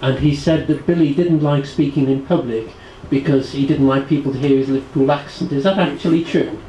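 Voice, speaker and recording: A man's voice: mid-range voice, fairly quick, warm tone, lo-fi sound. A male radio presenter who conducts the interview with brief, direct questions. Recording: echoey room, faint hiss.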